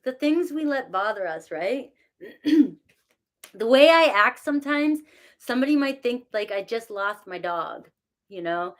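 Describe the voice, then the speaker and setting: Middle-aged woman, fairly high-pitched, chatty tarot reader thanking viewers by name. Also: lively intonation, a little slow. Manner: chatty and self-mocking, reads out viewer names, laughs often. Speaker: tarot reader talking to live chat. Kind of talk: casual live-stream chat.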